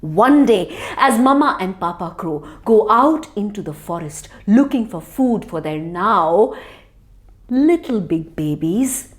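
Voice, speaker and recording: A woman telling a children's fable with theatrical, playful expression, giving bird calls and dropping to a hush for suspense. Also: mid-range voice, slow. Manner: animated, theatrical, with playful crow caws and hushed suspense. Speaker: children's storyteller. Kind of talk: expressive storytelling for kids.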